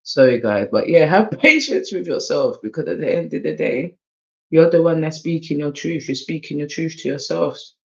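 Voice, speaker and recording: A man with a higher-pitched, animated voice and some vocal fry talks at a normal speed. He has an English accent full of London slang and reads oracle cards loosely and casually, tarot-style, swinging between hype and mumbling. The audio is slightly dull and lo-fi.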